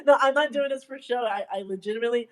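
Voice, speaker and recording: A woman co-hosting a casual interview, chatty and quick to laugh. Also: on the high side. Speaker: co-host.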